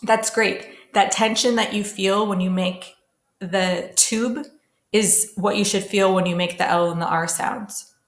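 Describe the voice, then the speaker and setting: A woman teaching a classroom pronunciation lesson, modelling sounds slowly and carefully for students to repeat. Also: medium pitch, fairly even intonation. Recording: echoey room.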